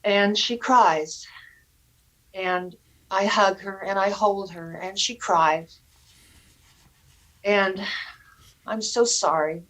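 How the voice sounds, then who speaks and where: A woman slowly telling a personal story to a meditation group over a video call, earnest and halting, with pauses and fillers. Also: medium pitch, fairly bright tone, rough recording.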